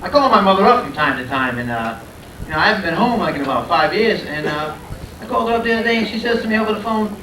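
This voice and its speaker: A man from Rhode Island doing a loud, punchy stand-up comedy set on a club stage, working the crowd. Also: sits high, expressive, fast, noisy background. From Providence, Rhode Island. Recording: echoey club from a far camera, loud crowd.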